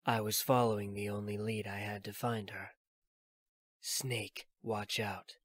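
Man doing a flat, emotionless warrior. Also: on the low side, measured pace, dry recording. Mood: cold. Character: cold detached young male cyborg warrior. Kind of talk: audiobook character reading.

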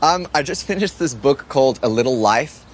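A young man in his twenties from Australia, answering interview questions in a relaxed, playful, self-deprecating way outdoors at a home. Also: mid-range voice, brisk, slight background noise.

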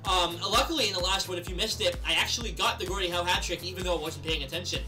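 A young man giving live commentary over his own gameplay, chatting casually and then yelling and laughing at big plays. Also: sits high, fast, music in the background. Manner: excitable, yells and laughs at plays. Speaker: gaming video creator.

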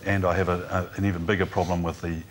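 New Zealand man, low and earnest, hesitant panelist. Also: little pitch movement, quick pace, a little hiss or hum. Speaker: panelist, church dean. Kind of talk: TV panel discussion. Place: TV studio.

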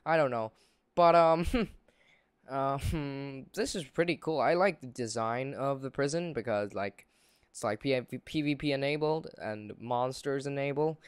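A young man casually commentating his own gameplay, excitable and quick to exclaim and laugh. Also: mid-range voice, clean tone, no room sound. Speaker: gaming channel host.

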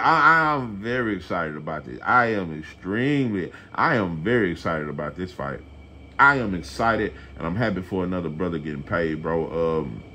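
A man's voice: deep voice, fairly bright tone, a little hiss or hum. A man giving a blunt, profane, rambling boxing rant to camera. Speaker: boxing commentator. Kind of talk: casual opinion rant to camera.

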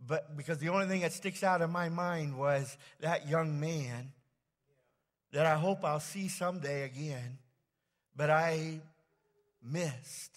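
A man preaching a sermon as pastor, telling a personal story in a halting, rambling way full of fillers and restarts. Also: fairly high pitch. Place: church sanctuary. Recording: long church hall reverb.

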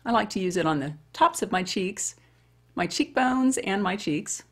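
A woman's voice: medium pitch, animated, normal speed, a bit bright, husky. A woman over fifty chatting her way through a makeup tutorial and talking straight to women viewers. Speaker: beauty vlogger. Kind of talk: casual makeup tutorial chat.

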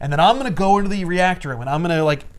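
A man voicing a scheming male scientist villain, loud, gleeful and theatrical. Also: sits high, very fast, clear, resonant tone, voice pushed up, lightly acted.

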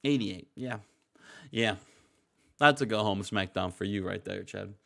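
A man's voice: fairly low pitch, measured pace, gravelly, sharp tone. A young man co-hosting a video game show, narrating match results and joking with his partner. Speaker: game co-host. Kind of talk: let's-play commentary.

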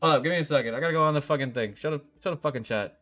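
A man's voice: fairly high pitch, rapid-fire, fairly bright tone, faint music behind. A young man live-streaming a game, chatting casually with viewers, swearing often, rambling and laughing.

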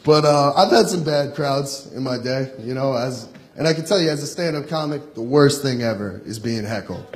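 A man's voice: mid-range voice, normal speed, hardly any pauses. A young man from Long Island doing a profane, self-deprecating stand-up set on a comedy club stage, laughing between jokes. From Long Island, New York. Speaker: stand-up comic. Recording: roomy club with loud crowd laughter. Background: audience laughter.

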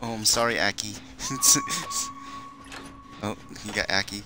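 A man streaming a horror game with live commentary, excitable, swearing and yelling in panic. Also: lowish voice, fast talker. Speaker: gameplay streamer.

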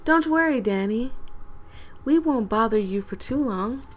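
Brief: woman reading as a perky young game girl, high and bossy, slow coaxing lines with some gravel. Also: lively intonation.

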